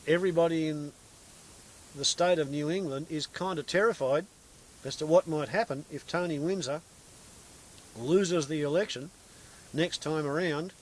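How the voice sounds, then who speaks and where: A man's voice: a little high, rough recording. An Australian man ranting about politics in an unscripted monologue, sarcastic, crude and scornful. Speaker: political commentator.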